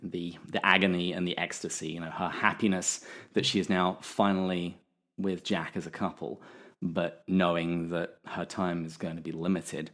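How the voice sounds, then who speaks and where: A man's voice: deep voice, flat delivery, moderate pace, a bit bright. A man hosting a podcast interview, asking questions in an easygoing way and laughing often. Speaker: podcast host. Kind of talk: casual interview.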